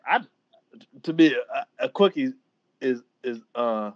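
A man's voice: mid-range voice, animated, unhurried. A young man co-hosting a podcast, chatting casually in profane, laughing banter. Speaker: podcast co-host. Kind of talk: casual chat. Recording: dull lo-fi sound.

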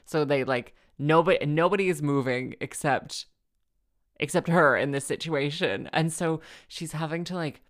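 A woman hosting her own podcast, chatting casually and tiredly, rambling and restarting her phrases with self-deprecating asides. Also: deep voice. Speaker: podcast host. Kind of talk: casual solo chat.

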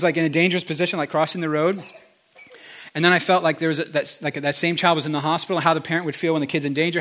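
A man's voice: fairly high pitch, fairly bright tone. Earnest man praying prophetic words. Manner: earnest, repetitive, halting restarts. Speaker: prophetic minister. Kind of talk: spoken prophetic prayer ministry.

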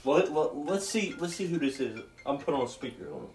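Teasing young podcast co-host. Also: male voice, fairly high pitch, expressive, fairly quick, crowd noise. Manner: teasing, laughing, blunt. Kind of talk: casual podcast chat.

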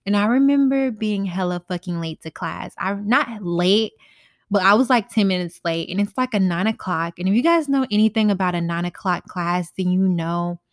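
A woman's voice: medium pitch, normal speed, dry recording, clean studio sound. A young woman in her twenties hosting a casual storytime podcast from her bedroom, talking candidly in slangy, profane speech. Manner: candid, slangy and profane, animated quoted voices. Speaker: podcast host.

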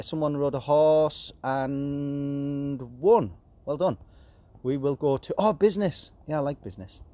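A man in his forties reads out news headlines in a loose, casual podcast. His voice sits in an ordinary middle pitch, and he drops flat, sarcastic remarks after each story. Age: 40s. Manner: deadpan, sarcastic asides on headlines. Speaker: podcast host.

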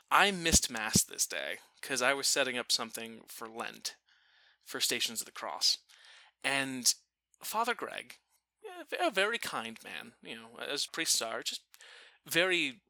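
Bright, animated storyteller man. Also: mid-range voice, creaky, no room sound. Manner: animated, self-interrupting. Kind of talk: casual storytelling chat.

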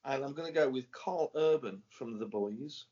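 A man's voice: medium pitch, normal speed, dark tone. A man co-hosting a casual podcast, rambling and searching for words as he talks. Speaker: podcast co-host. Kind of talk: casual banter. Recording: dull lo-fi podcast audio.

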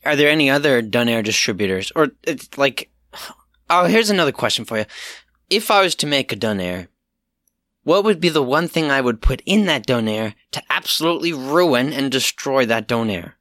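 A man's voice: mid-range voice, expressive, moderate pace, a bit bright, dry recording. A man playing in a tabletop game, playful and rambling. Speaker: player. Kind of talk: tabletop role-play.

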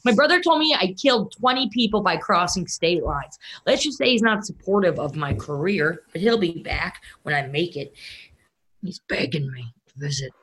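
A young woman hosting a casual comedy podcast from a dining room at home, teasing her guest with deadpan jokes. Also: lowish voice, moderate pace, husky. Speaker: podcast host.

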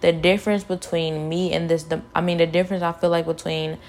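A young woman tells a personal story with fervent, repetitive insistence. Her voice sits a little low, and she scatters "like" through her speech as she talks. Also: flat delivery, a little fast, a little mellow. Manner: fervent, repeats phrases, many "like" fillers. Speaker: vlogger sharing a personal testimony.

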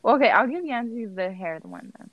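A woman's voice: a little high, expressive, moderate pace, dry recording, narrow, tinny audio. A teenage girl co-hosting a casual podcast chat, teasing and slangy, often laughing. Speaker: podcast co-host.

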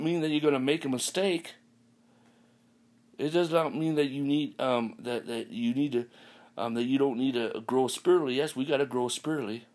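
Guy preaching on a podcast, gravelly voice, keeps saying hallelujah and amen, lots of ums and restarts. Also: mid-range voice, darkish tone. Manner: repetitive, peppered with hallelujahs and amens. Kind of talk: podcast sermon.

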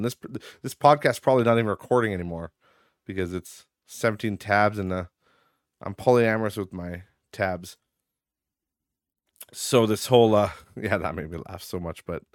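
A man hosting a casual solo podcast, sarcastic and profane, laughing at his own jokes and getting loud and high when he rants. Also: no room sound, studio quality. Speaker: podcast host.

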